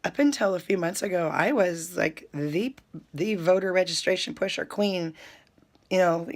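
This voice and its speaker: A woman, chatting to her viewers in an animated, storytelling way while sipping coffee. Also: fairly low pitch, moderate pace. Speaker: spiritual vlogger. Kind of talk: casual spiritual talk to viewers.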